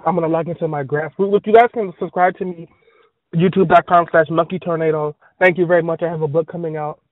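A man's voice: on the high side, fairly even intonation, quick pace, no room sound. A man rambling in a scattered monologue, full of fillers and trailing asides. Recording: phone-like dry audio.

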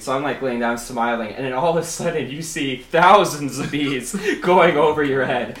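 A man's voice: medium pitch, moderate pace, few pauses. Laughing storyteller guy in a roomy room. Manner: animated, laughs often while telling stories. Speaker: podcast guest, photographer. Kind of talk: casual storytelling chat. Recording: roomy echo, faint background noise.

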